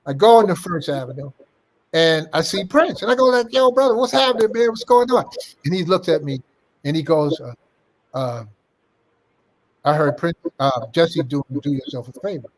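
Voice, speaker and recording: A man's voice: fairly high pitch, normal speed, long pauses. An older man telling a story in an interview, acting out the dialogue of the people in it as he goes. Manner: animated anecdote-teller, acting out quoted dialogue. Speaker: interview guest.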